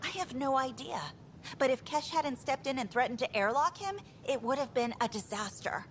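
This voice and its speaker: A woman's voice: high-pitched, normal speed, a little hiss or hum, natural voice. An actress playing a frustrated, outspoken female engineer in a video game. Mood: exasperated. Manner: exasperated, outspoken. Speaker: game character.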